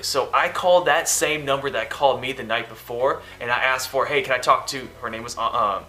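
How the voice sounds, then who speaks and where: A man's voice: mid-range voice, a little fast, hardly any pauses, pushed and bright. A man casually telling a rambling story to camera, often acting out the phone conversation he describes. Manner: rambling, quotes phone dialogue. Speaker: vlogger.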